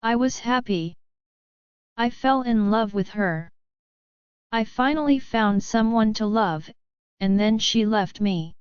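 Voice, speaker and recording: A woman's voice: a little high, slow pace, long pauses, clean tone, dry recording. A woman voicing a heartbroken young man who weeps as he talks, with a broken, tearful delivery. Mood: grieving. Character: heartbroken young man, weeping over lost love. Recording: slightly dull, dry recording.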